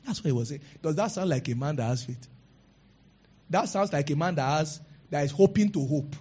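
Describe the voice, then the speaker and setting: A man's voice: on the high side, lively intonation, brisk, dark tone, husky, muffled recording. A man preaching a sermon and acting out the people in his stories. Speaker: pastor.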